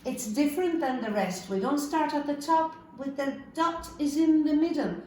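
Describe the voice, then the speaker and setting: A woman teacher leading a phonics lesson for young children, slowly sounding out letters in a sing-song way. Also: high voice, darkish tone. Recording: echoey room, far from the mic, faint background hiss.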